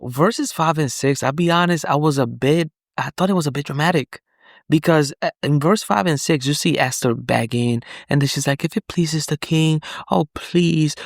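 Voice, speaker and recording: Gravelly-voiced man teaching scripture. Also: medium pitch, no echo, clean studio sound. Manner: earnest, candid, often checks in with the listener. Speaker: Bible teacher. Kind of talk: conversational Bible study talk.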